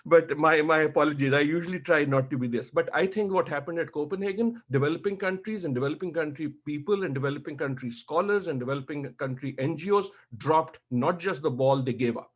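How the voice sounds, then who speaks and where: A man's voice: on the high side, a little fast, few pauses, dull audio. A middle-aged man giving impassioned panel remarks, emotional and emphatic, hammering points through repetition.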